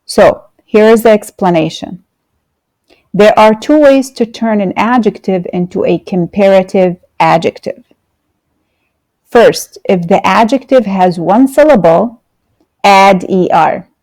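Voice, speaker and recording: A woman teacher walks learners through an online grammar lesson. She speaks at an unhurried pace in a mid-pitched voice, pausing with fillers and saying words twice. The sound is dry and close, from a computer mic. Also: a little mellow, no room sound. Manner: patient, explains slowly with fillers and repetition. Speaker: English teacher.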